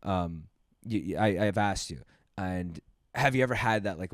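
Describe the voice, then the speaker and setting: A man's voice: deep voice, normal speed, dry recording, clean studio sound. A man hosting a casual podcast chat, telling a rude story with lots of swearing and laughter. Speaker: podcast host.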